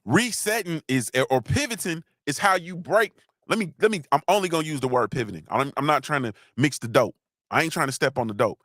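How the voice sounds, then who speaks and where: A man hosts a motivational livestream, joking and preaching straight to his viewers. His voice sits a bit high. The sound is dry and close, with no room echo. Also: expressive, a little fast, fairly bright tone. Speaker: livestream host. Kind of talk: casual motivational livestream talk.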